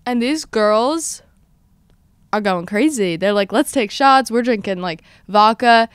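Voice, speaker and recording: A woman in her twenties hosting a podcast, telling a story in casual chat with lively, dramatic retellings of her own quotes. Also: on the high side, slow pace, smooth, dry recording. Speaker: podcast host.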